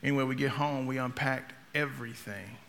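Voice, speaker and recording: A man preaching a sermon in a conversational, humorous way, telling stories and swinging between quiet talk and loud outbursts. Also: medium pitch, fairly quick, gravelly, in a large hall, slight background noise.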